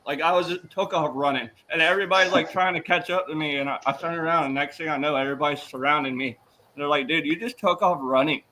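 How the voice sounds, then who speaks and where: A man hosting a podcast, telling a story in an animated way with big swings in loudness and laughter. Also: fairly high pitch, fast, slight background noise, rough recording. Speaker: podcast host. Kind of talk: casual interview chat.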